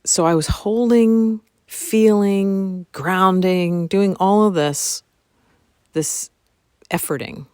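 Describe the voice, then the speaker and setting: A woman's voice: mid-range voice, slow, a little mellow, clear, resonant tone, no room sound, studio quality. A woman hosting her own solo podcast, musing aloud and repeating phrases, sometimes dropping into a whisper. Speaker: podcast host. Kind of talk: reflective solo podcast monologue.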